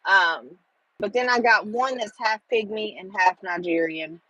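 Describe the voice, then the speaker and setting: A woman's voice: medium pitch, unhurried, pushed and bright, no room sound, low-quality recording. A middle-aged woman, chatting with viewers on a casual livestream and rambling with lots of fillers. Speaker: livestream host.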